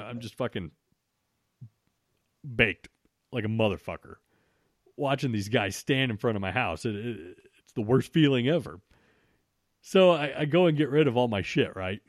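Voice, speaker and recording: A man's voice: medium pitch, no echo, studio quality. A man telling a long story in a casual, profane way, with many restarts. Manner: profane, rambling with frequent restarts.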